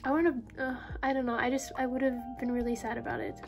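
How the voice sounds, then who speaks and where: High-voiced young woman, gushing vlogger opening mail, music underneath. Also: fast talker. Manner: excitable, gushing, breathy exclamations. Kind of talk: unboxing haul vlog. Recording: background music.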